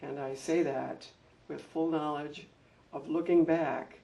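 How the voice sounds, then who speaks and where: Gravelly older man telling stories from afar. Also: on the high side, takes it slowly. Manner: heartfelt storytelling, animated when telling anecdotes. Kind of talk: reminiscing talk at a public event. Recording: distant mic with faint room noise.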